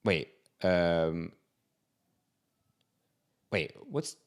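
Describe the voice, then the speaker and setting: Lively low-voiced man debating music. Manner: quick to disagree, drawn-out musing. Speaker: music reaction host. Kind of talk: casual chat.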